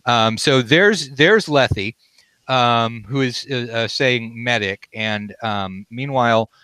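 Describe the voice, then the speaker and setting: A man narrating as dungeon master, unhurried and full of ums and uhs. His voice is bright and the recording is dry and close. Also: medium pitch, clean tone, no echo, rough recording. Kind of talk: narrating a tabletop game. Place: home game room on camera.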